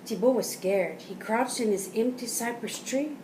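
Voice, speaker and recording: Woman, storybook read-aloud for kids, lively and explaining, fairly high voice, roomy sound from a distance. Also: normal speed. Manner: animated, pointing at pictures and explaining words. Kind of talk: reading a picture book aloud to children. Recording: roomy, from a distance, faint background noise.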